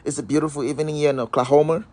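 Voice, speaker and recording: A man's voice: fairly high pitch, fairly even intonation, racing, dark tone. Preachy motivational man streaming live. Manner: preachy, repeats rhetorical questions to viewers; calls out viewers' names. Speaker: host.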